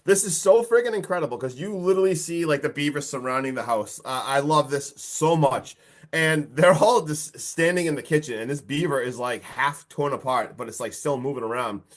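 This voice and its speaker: A man co-hosting a podcast, recapping a horror movie in casual, excitable chat full of fillers and mild swearing. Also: on the high side, brisk. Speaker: podcast co-host.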